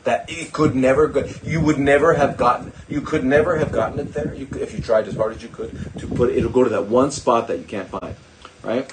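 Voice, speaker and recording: A man's voice: mid-range voice, brisk. Rambling sarcastic older man, noisy stream. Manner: digressive and sarcastic, mocking asides to viewers. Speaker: doctor hosting a live stream. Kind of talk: rambling live-stream talk.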